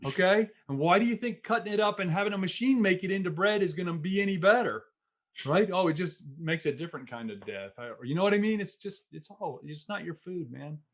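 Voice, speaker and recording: Animated, laughing male podcast host. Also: high-pitched, brisk. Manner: animated, laughing, lots of "man" and "it's like". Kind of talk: casual conversation.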